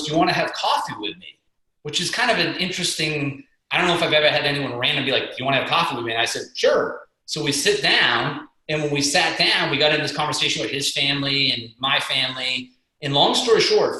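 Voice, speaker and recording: A middle-aged man telling motivational stories on a conference call, energetic and acting out what people said. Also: fairly high pitch. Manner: energetic, motivational, acts out quotes. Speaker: guest speaker and fitness coach. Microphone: video call. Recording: very echoey call audio.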